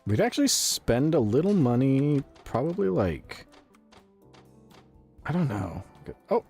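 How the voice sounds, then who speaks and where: With faint music behind, a man from the United States casually comments on his live video game stream, laughing often, swearing freely and answering chat. His mid-range voice is darkish, at a measured pace, with huge pitch swings.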